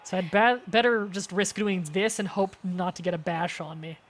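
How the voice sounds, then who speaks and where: A young adult woman streaming a game, chatting casually with animated, profane asides. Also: medium pitch, normal speed. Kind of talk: casual chat over gameplay.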